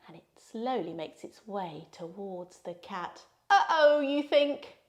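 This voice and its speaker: A woman's voice: medium pitch, lively intonation, takes it slowly. A woman leading a playful children's yoga session, telling a story with sound effects. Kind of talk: guided kids' yoga story.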